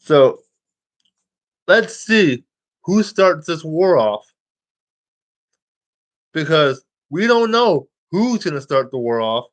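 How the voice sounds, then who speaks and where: A man's voice: on the high side, sing-song, slow, long pauses. A man talking casually to his viewers, rambling, restarting lines and swearing freely. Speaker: vlogger.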